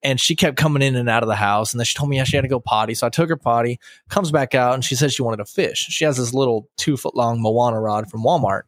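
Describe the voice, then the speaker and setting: A man's voice: medium pitch, quick pace, hardly any pauses, no echo, studio quality. A man in his thirties hosting a podcast, telling fishing stories in casual chat and acting out what he and his friends said. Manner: animated storyteller, quotes himself and friends. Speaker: podcast host.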